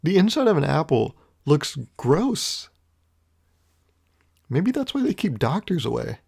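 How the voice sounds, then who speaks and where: A man's voice: on the high side, sing-song, brisk, gravelly, a little mellow, breathy edge. A man hosting his own podcast, musing in a wry, rambling way, swearing casually and chuckling often. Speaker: podcast host. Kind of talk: casual solo podcast monologue.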